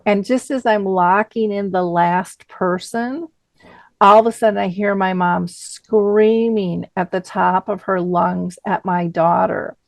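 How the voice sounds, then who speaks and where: A middle-aged woman hosting a casual panel chat, telling a story in an earnest, deliberate way. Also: medium pitch, fairly even intonation, vocal fry, darkish tone, no room sound. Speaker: host.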